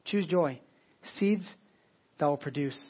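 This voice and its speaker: A man's voice: fairly high pitch, slow, breathy edge. A man preaching a sermon to his congregation in church, often repeating words and restarting. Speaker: pastor. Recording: dull lo-fi sermon audio.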